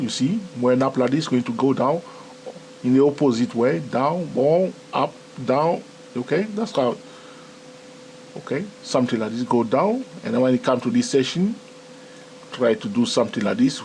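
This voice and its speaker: Man, non-native english accent, trading tutorial, lively swooping pitch, faint background hiss. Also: measured pace. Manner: animated, repetitive "okay?" and "my friend". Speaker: trading educator. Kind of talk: live screen-recorded trading tutorial.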